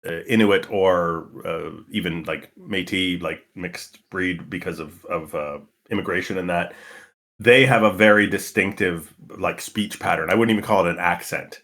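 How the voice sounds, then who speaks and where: A man's voice: deep voice, moderate pace, a bit bright. A man chatting casually between turns of a tabletop game, rambling with many restarts and fillers. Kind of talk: casual chat.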